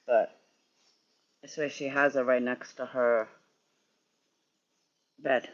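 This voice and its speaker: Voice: medium pitch, little pitch movement, slow pace, muffled recording. A sleepy, yawning streamer rambling and swearing in casual chat with viewers while working in a garage. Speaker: livestreamer.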